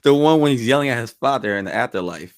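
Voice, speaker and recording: A man co-hosting a podcast in casual banter. He explains his points in a thoughtful, measured way. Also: mid-range voice, expressive. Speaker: podcast co-host.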